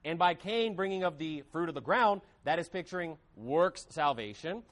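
A man's voice: fairly high pitch, expressive, normal speed, a bit bright. A man preaching a sermon with emphasis, acting out quoted voices. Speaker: pastor.

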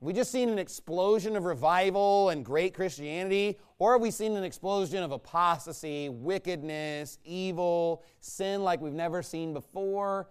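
Man, pastor, fiery sermon, high voice, mocking, combative. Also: normal speed, few pauses, clean tone. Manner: combative, mocking, swings from low muttering to loud outbursts.

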